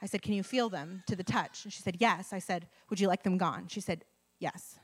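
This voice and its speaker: A woman preaching a sermon, telling a healing story in an animated way, sometimes dropping her voice low. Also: brisk, slightly rough. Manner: animated storytelling, drops to whispers. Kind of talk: sermon with testimony.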